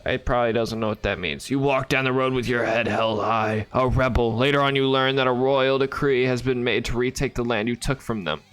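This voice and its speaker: A man playing a text adventure game, reading its lines aloud and adding wry, deadpan comments on a close mic. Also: medium pitch, a little fast, hardly any pauses, clean tone, no room sound, soft background music. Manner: wry, deadpan, bursts into laughter. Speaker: gaming YouTuber.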